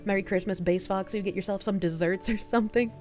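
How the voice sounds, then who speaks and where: A woman's voice: mid-range voice, steady tone, fast, a little mellow, soft background music. A woman livestreamer chatting casually and reading viewer messages aloud with frequent thanks, feeling sick with nausea and hiccups, often laughing.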